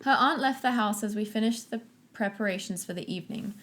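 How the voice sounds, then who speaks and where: A woman's voice: mid-range voice, brisk, fairly bright tone. A woman co-hosting a podcast, reading a book aloud and breaking off for sarcastic, wry commentary.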